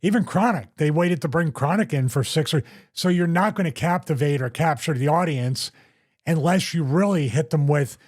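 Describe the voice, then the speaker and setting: A man hosting a casual podcast, measured and reflective, thinking his points through aloud at a studio microphone. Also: fairly high pitch, darkish tone. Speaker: podcast host.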